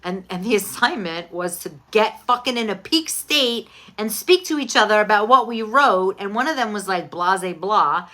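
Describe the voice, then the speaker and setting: A woman's voice: mid-range voice, lively intonation, moderate pace, few pauses, pushed and bright. A middle-aged woman host in casual, candid chat, talking expressively about her week.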